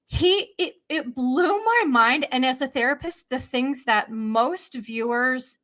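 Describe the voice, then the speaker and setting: Bright, high-voiced woman therapist. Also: slow. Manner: analytical, emphatic. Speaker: therapist guest. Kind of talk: casual podcast chat.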